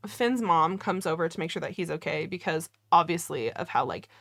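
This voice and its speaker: A woman's voice: lowish voice, animated, a little fast, creaky, a bit bright, no room sound, studio quality. A woman co-hosting a podcast, chatting casually about a book with playful, emphatic asides. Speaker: podcast co-host. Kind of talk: casual book-club chat.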